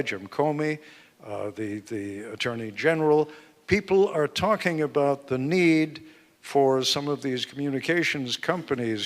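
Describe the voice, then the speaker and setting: A man, an author being interviewed at a live book event, explaining points in a measured, emphatic way. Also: mid-range voice. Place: event hall with live audience. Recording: long hall reverb.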